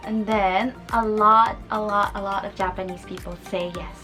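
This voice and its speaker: A woman's voice: medium pitch, steady tone, unhurried, sharp tone. A woman with a Filipino accent hosting a casual vlog lesson, bubbly and playful, giggling often and drawing out words as she pronounces them carefully. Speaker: vlogger teaching basic phrases. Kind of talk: casual vlog lesson, mixing Tagalog and English. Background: background music.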